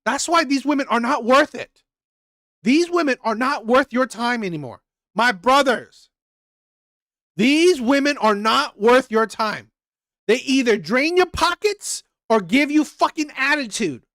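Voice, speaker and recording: A man's voice: very high voice, lively intonation, a little slow, fairly bright tone, no echo, studio quality. A man hosting a reaction channel, ranting heatedly and repeating himself as he talks over live chat comments. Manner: heated, repetitive, profane.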